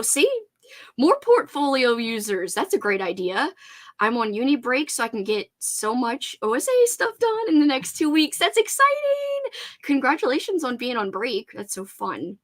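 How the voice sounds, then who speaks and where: A young woman hosting a casual livestream, chatting warmly and reading viewer comments aloud. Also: a little high, very animated, normal speed. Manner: bubbly, chatty, talks baby-talk to her dog. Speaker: livestream host.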